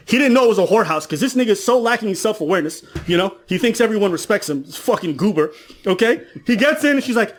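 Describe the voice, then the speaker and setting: Here a podcast commentator, a man with a high voice, talks fast and with plenty of animation. He's ranting casually, poking fun, telling stories, and voicing what others said.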